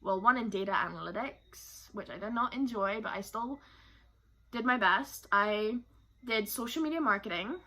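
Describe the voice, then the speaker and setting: Young woman chatting to her camera at home, bright voice, kinda rambly and heartfelt. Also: mid-range voice, moderate pace. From Barbados. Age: young adult. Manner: candid, emotional and rambling. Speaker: vlogger. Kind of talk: personal talk to camera.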